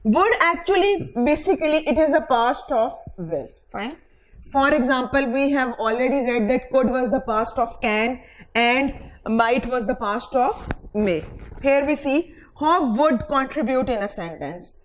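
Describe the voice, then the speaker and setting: A woman's voice: high-pitched, rough recording. A woman teaching English grammar in a recorded lecture, dictating example sentences word by word and checking in with "fine" between points, with a Pakistani English accent.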